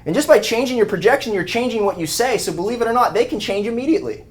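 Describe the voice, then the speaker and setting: A man, an animal behavior trainer giving a lively live talk to rescue volunteers and acting out everyday scenes. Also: high-pitched, fast talker. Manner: animated, acts out scenes with shouted mock voices.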